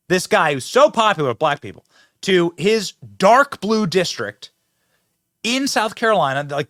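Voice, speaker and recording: A man's voice: on the high side, a bit bright, no echo, studio quality. A man hosting a mocking political commentary video, talking sarcastically and laughing at the clips he shows.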